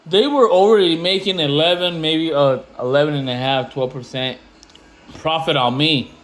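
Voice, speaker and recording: Slangy ranting man, somewhat high voice. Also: normal speed, poor audio. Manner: slangy, animated, swears freely; rising loud when indignant. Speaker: investing vlogger. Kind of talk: casual rant to camera.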